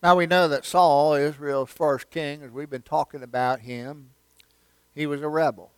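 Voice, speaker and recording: A man's voice: on the high side, fairly even intonation, normal speed, clear, resonant tone. A male pastor preaching a sermon with folksy, humorous storytelling.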